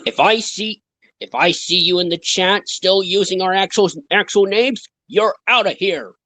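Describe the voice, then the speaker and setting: A woman chatting as a guest on a friends' stream, playful and excitable, with hesitant fillers. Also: medium pitch, unhurried. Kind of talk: casual chat.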